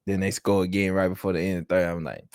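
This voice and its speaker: Animated man telling stories in a dry room. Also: low-pitched, quick pace, clean tone, no room sound. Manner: animated storyteller, acts out quoted voices loudly. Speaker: former player telling stories. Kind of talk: casual chat, storytelling.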